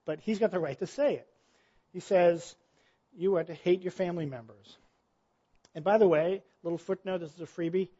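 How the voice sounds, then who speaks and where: A man's voice: a little high, dark tone, dull audio. A man preaching a sermon in a conversational style, full of rhetorical questions. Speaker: pastor.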